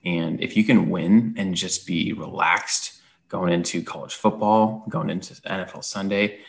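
A man's voice: low voice, steady tone, a little slow, vocal fry. A man co-hosting a sports podcast, sounding tired from an early morning and talking in a chatty, rambling way. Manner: chatty, rambling, with frequent "um"s and restarts. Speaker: podcast co-host. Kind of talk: casual sports podcast chat.

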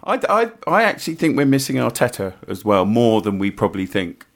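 A man chatting about football with a lively, animated pitch that moves around a lot. He often hesitates and restarts his sentences before making his point. His voice sits at an average pitch. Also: a little fast. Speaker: football podcast co-host. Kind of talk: casual chat.

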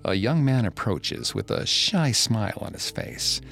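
A man narrating a second-person horror story in a slow, hushed way. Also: fairly low pitch, big pitch swings, vocal fry, soft background music.

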